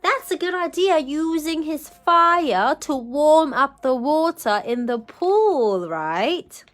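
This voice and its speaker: A woman reading a children's picture book aloud, animated and expressive, pausing to ask her young listeners questions. Her voice is fairly high and lively in pitch, and her pace is slow and deliberate. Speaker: children's storyteller.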